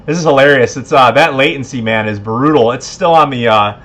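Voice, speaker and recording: A man's voice: mid-range voice, fairly quick, a bit bright. A man hosting a casual livestream giveaway, laid-back, a bit tipsy and laughing often. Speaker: livestream host.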